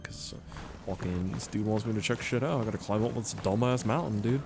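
A man giving excitable, swearing let's-play commentary as a gaming YouTuber. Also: on the low side, fairly quick, creaky, slight background noise. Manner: excitable, swears a lot, laughs at own jokes.

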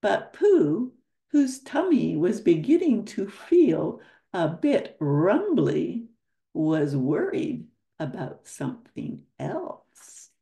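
A woman's voice: mid-range voice, big pitch swings, drawn-out words, gravelly, mellow. An older woman reading a picture book aloud to children, stopping to ask the listener questions. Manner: asks the listener questions between pages. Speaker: storyteller.

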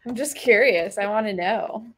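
A woman's voice: mid-range voice, normal speed, husky. A woman who is a guest writer on a live stream, chatting eagerly and openly. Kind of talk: casual chat among writers.

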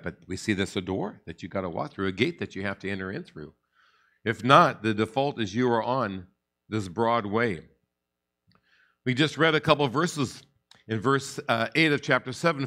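A man's voice: fairly low pitch, pushed and bright. A middle-aged man, a pastor, teaching a Bible study in a conversational way, often repeating words and building to emphatic points.

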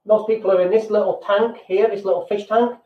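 A man's voice: high-pitched, fairly even intonation, a little fast. British man, blunt podcast talk. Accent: British English. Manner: blunt, self-deprecating, acts out quoted people. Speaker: podcast host. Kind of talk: casual business podcast talk. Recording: echoey room, tinny phone-like sound.

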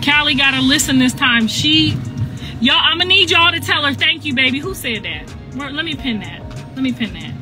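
A woman's voice: high voice, lively intonation, normal speed, over music. A middle-aged woman ranting on a phone livestream, emphatic and repetitive, with a sassy edge.

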